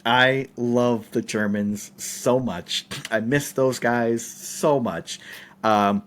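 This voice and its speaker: A man's voice: mid-range voice, very slow, slight background noise. A man from the United States, a podcast guest telling set stories in casual chat, laughing often. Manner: animated, laughs often, acts out quotes.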